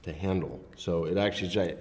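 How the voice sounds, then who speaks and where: Low-voiced male actor, relaxed and frank, slightly reverberant space with faint noise. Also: normal speed. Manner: laid-back, candid, swears casually. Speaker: actor guest. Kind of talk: casual interview chat.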